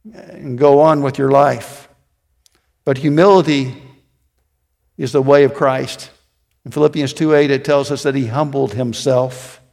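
A man pastor delivers a sermon in a high, lifted voice. He tells stories and sinks into quiet emphasis on the key phrases. His words carry a long reverb, as in a big hall. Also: creaky. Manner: storytelling preacher, dropping to quiet emphasis.

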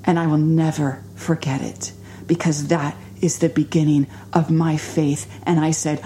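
A middle-aged woman giving an earnest, emotional personal testimony in a sermon, dropping to hushed tones at times. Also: sits low, measured pace, slight background noise. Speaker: speaker sharing a faith testimony.

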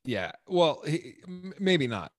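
Animated man doing sports talk. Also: a little high, slow, no room sound, clean studio sound. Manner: animated, emphatic, many restarts. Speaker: sports radio co-host.

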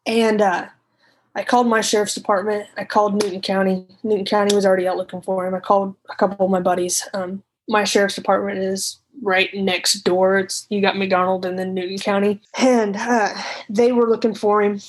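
A woman in a medium voice recounts a frightening night in her own words. She talks in an unscripted, halting way, restarting sentences and swearing at times. She retells whole conversations, slipping into what each person said. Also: mid-range voice, flat delivery, rough recording. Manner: retells conversations in quoted speech. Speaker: guest telling a personal story.

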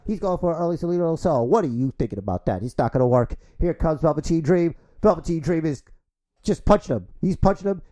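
Energetic foul-mouthed podcast dude, fake wrestling play by play, voice jumps all over the place. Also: male voice, a little high. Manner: energetic, crude, fast-talking. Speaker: podcast host. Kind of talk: mock wrestling play-by-play and casual chat.

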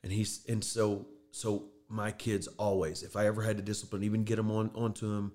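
Earnest low-voiced man, choked up. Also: little pitch movement, fairly quick, darkish tone. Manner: earnest, emotional storytelling. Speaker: podcast host. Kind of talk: casual faith talk.

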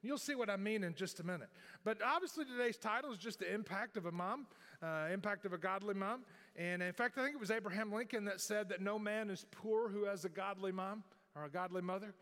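A man's voice: high voice, fairly quick, fairly bright tone. A middle-aged male pastor preaching a sermon in a folksy, rambling way with many restarts. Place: church sanctuary. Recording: long hall reverb.

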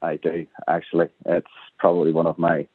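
Belfast man, low voice, phoned-in radio guest, tinny line, matter-of-fact delivery. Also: monotone, brisk, breathy edge, no echo. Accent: Northern Irish, Belfast. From Northern Ireland. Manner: plainspoken, matter-of-fact explaining. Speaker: interview guest. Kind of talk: talk radio interview by phone. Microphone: telephone.

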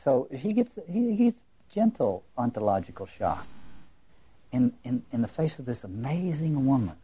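A man lecturing with a warm, relaxed tone and a husky edge. He muses aloud, circles back over his words and keeps asking rhetorical questions. His pitch sits in an ordinary middle range. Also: normal speed. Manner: emphatic, musing, repeats words and poses rhetorical questions. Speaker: lecturer on literature and religion.

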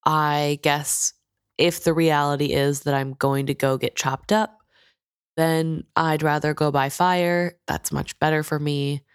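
A woman's voice: deep voice, steady tone, a little slow, smooth, dry recording, clean studio sound. A woman co-hosting a podcast, reflecting on a book chapter and asking questions. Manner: reflective, inquisitive. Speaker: podcast co-host. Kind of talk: casual chat about a book.

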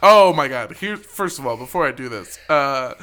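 A man's voice: mid-range voice, expressive, moderate pace, pushed and bright. A man co-hosting a comedic podcast, reading news stories aloud and breaking off into sarcastic, profane asides. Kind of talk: casual comedic podcast chat.

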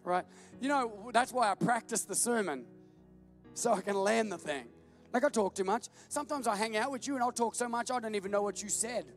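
A man preaching with a very high, light voice, joking about himself and breaking into laughter as he tells stories. Faint music sits under his sermon. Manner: self-deprecating, animated storytelling with laughs. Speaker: pastor. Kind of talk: humorous sermon.

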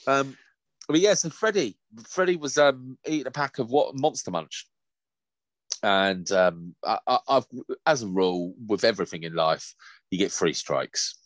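A man's voice: on the low side, unhurried, dry recording. A man co-hosting a podcast in casual chat, swearing freely and acting out the quotes in his stories. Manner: lively, swears a lot, acts out quotes. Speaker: podcast co-host.

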